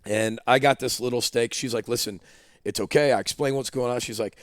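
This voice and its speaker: A man's voice: medium pitch, fairly quick, dry recording, studio quality. A man, a football coach, telling a story in a casual podcast interview and acting out dialogue. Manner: animated storyteller, acts out dialogue. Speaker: head football coach, guest. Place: podcast studio.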